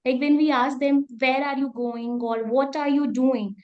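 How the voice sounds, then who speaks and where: A woman's voice: sits high, steady tone, a little slow, dull audio. A woman presenter, earnestly answering a question on a video call, often repeating herself as she explains. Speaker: session presenter. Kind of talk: answering questions in an online training.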